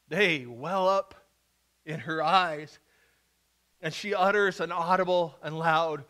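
A male pastor preaching a sermon and telling the story dramatically, shifting from hushed to loud. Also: fairly high pitch, takes it slowly, long pauses.

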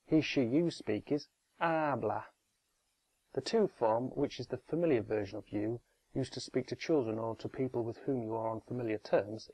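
A man narrating a scripted language tutorial in a measured, explanatory way, spelling out word forms one by one. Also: mid-range voice, a little mellow, poor audio.

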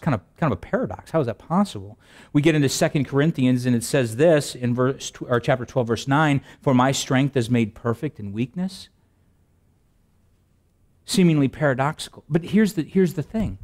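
A middle-aged male pastor preaching a sermon, telling stories with lots of restarts and repeated words. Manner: animated storytelling, jumps high for quoted asides.

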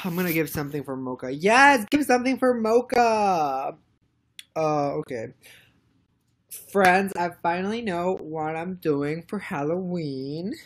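A young woman chatting casually on a live stream, rambling and excitedly thanking viewers by name. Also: fairly low pitch, slight background noise. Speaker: livestreamer.

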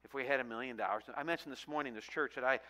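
A man's voice: medium pitch, racing, pushed and bright. A pastor giving a conversational sermon, reading scripture, praying, and telling stories to his congregation. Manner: conversational preaching with rising emphasis.

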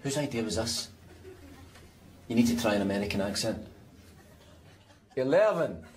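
A man's voice: mid-range voice, expressive, normal speed, a crowd in the background, background noise, lightly acted. A Scottish man stuck in a lift, sarcastic and grumbling.

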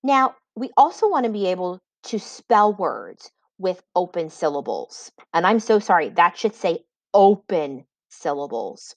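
A female reading teacher records a spelling lesson for kids, saying each word slowly and clearly and using it in an example sentence. Her voice sits fairly low with a sing-song lilt, and there's no echo.

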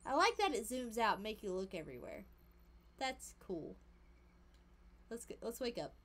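A young woman streamer chatting casually while she plays a game, animated and giggly, squealing at surprises and murmuring quiet asides. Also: fairly high pitch, normal speed, a little hiss or hum. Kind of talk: casual gameplay commentary.

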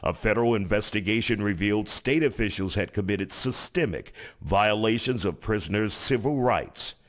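An American man reading a scripted television news report as reporter and anchor, with a measured, emphatic delivery. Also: on the low side.

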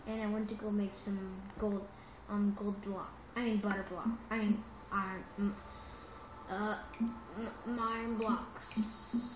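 A woman giving rambling, casual commentary on her gameplay, chatty and excitable and often correcting herself, recorded on a phone. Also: medium pitch, unhurried, background noise. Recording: roomy echo with music behind.

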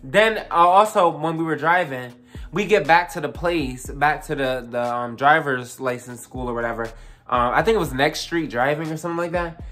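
A young adult vlogger recounting a story in a casual, animated way. The voice sits at a middle pitch and the talk is loose and profane, with plenty of fillers and asides to the viewers. Faint music runs underneath. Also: moderate pace.

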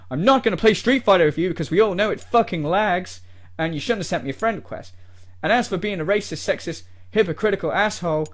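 A man doing a whiny, smug gamer YouTuber. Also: sits high. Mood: sneering. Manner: sneering, petulant, sweary. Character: smug, whiny male gamer YouTuber mocking his fans. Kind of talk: parody rant.

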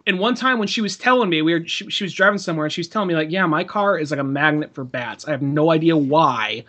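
A man's voice: a little high, fast talker, pushed and bright. A man co-hosting a podcast, telling rambling stories in casual chat, swearing freely and laughing often. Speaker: podcast co-host.

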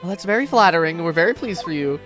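A woman's voice: fairly low pitch, expressive, fast, fairly bright tone, faint music behind, voice pushed down. A woman voicing a flustered young male defense lawyer who speaks hesitantly. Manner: awkward, hesitant.

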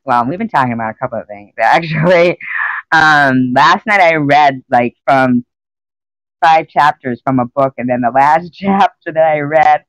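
A woman's voice: sits low, moderate pace, no echo, rough recording. A woman chatting casually on a live stream, rambling and emotional as she greets her viewers by name.

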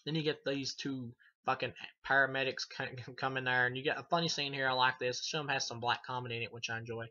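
A man's voice: medium pitch, fairly even intonation, fast talker, pushed and bright, highs cut off. A man giving a casual, profane film review, rambling and laughing as he retells scenes. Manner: rambling, swears a lot, laughs often. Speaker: movie reviewer.

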